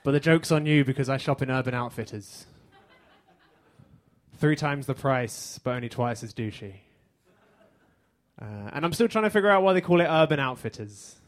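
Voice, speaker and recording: An English man performing stand-up on a theater stage, his voice pitched at an ordinary middle level. He delivers his lines in a dry, deadpan way and lets each joke land flat. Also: moderate pace, pauses often. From England. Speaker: stand-up comedian. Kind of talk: stand-up comedy set.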